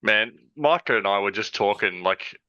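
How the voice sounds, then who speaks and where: A man's voice: fairly low pitch, lively intonation, normal speed, sharp tone. A man hosting a casual podcast, greeting listeners with upbeat, jokey banter. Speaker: podcast host. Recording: dull lo-fi dry sound.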